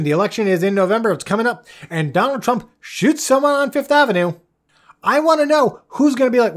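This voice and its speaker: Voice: medium pitch, lively intonation, fairly quick. A podcast host from the United States giving a solo political commentary rant, indignant and heated, swearing and stumbling over restarts.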